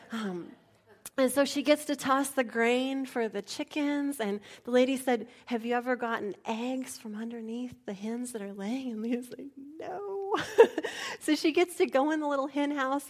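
A middle-aged woman pastor, telling personal stories in a sermon, often dropping to a hushed voice and then rising lively. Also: fairly high pitch. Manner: soft, hushed storytelling that turns lively and animated. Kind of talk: storytelling sermon.

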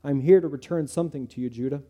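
A man's voice: on the high side, fast talker, dark tone, close to an everyday voice. A male preacher reading the part of a humble, repentant tax collector, speaking earnestly and pleadingly.

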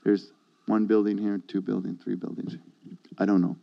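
A man's voice: lowish voice, little pitch movement, normal speed, gravelly, no room sound, lo-fi sound. A man preaching a sermon, telling a personal testimony in a conversational storytelling way and acting out what others said to him. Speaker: pastor.

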